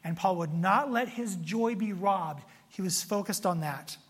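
High-voiced pastor preaching in a reverberant hall. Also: male voice, measured pace, husky. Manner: conversational, animated preaching with asides to the congregation. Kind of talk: sermon.

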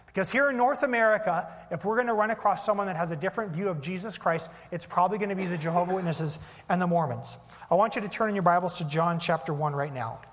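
A man's voice: high voice, a bit bright. A man preaching a teaching sermon, explaining points step by step with frequent fillers. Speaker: pastor. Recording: long hall reverb.

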